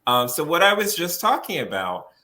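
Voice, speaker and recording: A man's voice: fairly high pitch, sing-song, normal speed, sharp tone. A man who is a policy researcher speaks as a guest on a podcast interview, explaining at length, often laughing and restarting his phrases as he thinks.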